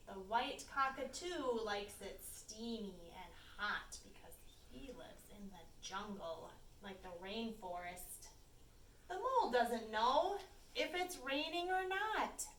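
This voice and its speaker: Woman teacher, storytime reader; slow, clear, animated delivery; distant mic in a roomy space with faint noise. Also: fairly high pitch. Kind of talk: reading picture books aloud to young children. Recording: echoey room, mic from far off, faint background hum.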